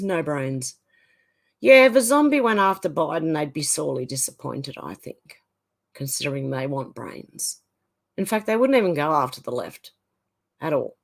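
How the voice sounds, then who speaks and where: A woman's voice: sits low, vocal fry. A woman hosting a livestream, reading out viewer comments and chatting back in a casual way. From Australia. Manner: chatty, reads viewer comments aloud and reacts. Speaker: livestream host. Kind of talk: reading out live chat comments.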